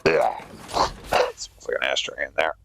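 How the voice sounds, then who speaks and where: A man's voice: extremely low pitch, steady tone, measured pace, vocal fry, sharp tone, a little hiss or hum. A man casually joking and making sarcastic asides while playing a game. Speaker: gamer. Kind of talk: casual gameplay commentary.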